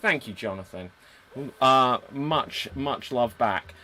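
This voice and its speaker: An upbeat man hosting an online improv game show at a middle pitch. He guides the voting with quick, laughing asides. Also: animated, bright, forceful tone.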